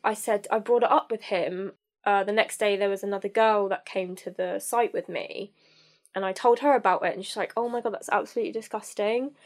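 A young woman telling a personal story as a podcast guest, candid and halting, with many fillers and restarts. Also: medium pitch, fairly even intonation.

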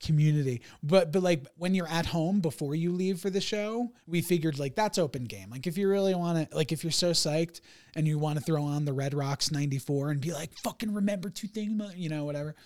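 A man's voice: on the high side, a little fast, darkish tone, dry recording. A man hosting a podcast in casual chat, laughing often and swearing as he acts out quoted people. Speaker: podcast host.

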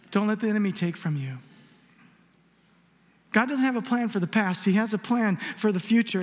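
A middle-aged pastor delivers a sermon in a strikingly high voice, telling stories with humor and firing off rhetorical questions. His words ring out with a long reverb from a church hall. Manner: animated storyteller, jokes and rhetorical questions.

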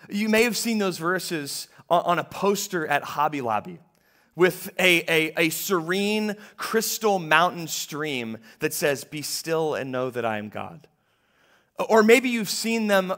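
A man preaching a sermon in a church, talking conversationally and moving between hushed lines and emphatic ones. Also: on the high side. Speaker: pastor.

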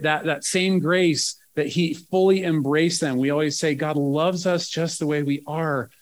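A man pastor preaching a sermon in a conversational way, often checking in with the room. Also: mid-range voice.

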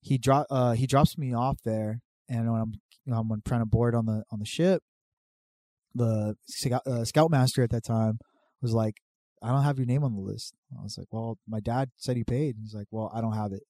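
Brief: mellow-voiced man, casual storyteller, swears a lot, dry close sound. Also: medium pitch, moderate pace, no room sound. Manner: profane, animated storytelling. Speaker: podcast guest telling a story. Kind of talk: casual chat.

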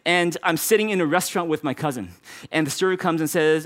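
A man's voice: fairly high pitch, quick pace, fairly bright tone. A man preaching a sermon as pastor, repeating key phrases and speaking directly to his congregation.

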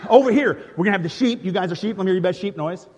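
With a high-sitting voice, a darkish tone and a very fast pace, a male pastor directs a live nativity skit during an interactive Christmas sermon. His manner is playful and chatty, full of laughter and restarts, and the church sanctuary adds long large-hall reverb.

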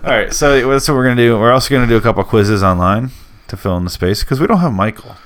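A man's voice: medium pitch, fast talker, fairly bright tone. A young man co-hosting a podcast in casual late-night chat, joking crudely and drawling lazily on purpose. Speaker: podcast co-host.

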